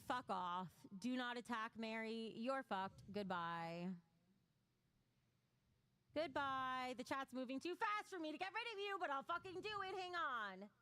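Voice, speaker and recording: A woman's voice: a little high, fairly bright tone. A woman hosting a livestream, talking bluntly and emotionally to her chat, with a lot of swearing. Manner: blunt and profane, emotional, reading chat donations. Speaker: livestream host. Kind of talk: casual livestream chat to viewers.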